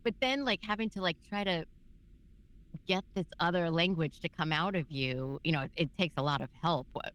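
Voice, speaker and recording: A woman voice actor chatting casually in an interview, talking in a loose, filler-heavy, animated way. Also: fairly low pitch, normal speed. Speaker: voice actor guest.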